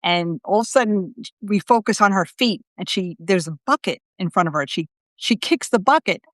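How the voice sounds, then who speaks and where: A middle-aged woman hosting a show as a psychic medium, chatting casually and telling lively stories in which she acts out the lines of the people in them. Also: mid-range voice, brisk, no room sound. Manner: lively storyteller, acts out quotes with laughter. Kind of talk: casual conversational chat.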